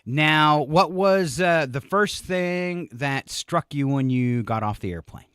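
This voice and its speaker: A man hosting a radio morning show, asking a guest relaxed questions with short prompts. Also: on the high side, slow, smooth, no echo, clean studio sound. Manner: relaxed, brief prompts and easy laughs. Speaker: radio host. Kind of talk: casual radio interview. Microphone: studio microphone.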